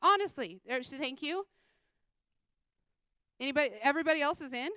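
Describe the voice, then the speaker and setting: A woman giving an energetic motivational talk on a conference stage, speaking bluntly and casually, swearing freely and laughing often. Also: high-pitched, moderate pace, dry recording. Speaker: conference speaker and sales coach. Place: conference stage before a live audience.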